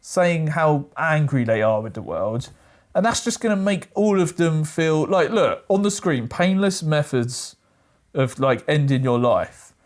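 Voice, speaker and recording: A man's voice: fairly high pitch, expressive, a little slow. A man hosting a reaction video, chatting casually with frequent "like" fillers and laughter.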